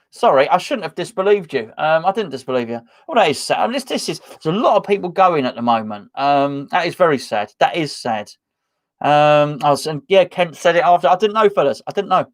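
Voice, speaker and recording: A man's voice: fairly high pitch, big pitch swings, moderate pace. A middle-aged man hosting a live stream, reading viewers' comments in a rambling, chatty, self-mocking way with many restarts. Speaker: podcast host reading live chat. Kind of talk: casual live-stream chat. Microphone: headphones and webcam at a desk.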